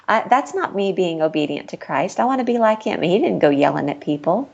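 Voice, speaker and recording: A woman author, a guest in a conversational interview, speaks earnestly and acts out what she says to her kids. Her voice is on the low side, expressive, brisk and a little mellow, with vocal fry and few pauses. The recording is dull and lo-fi.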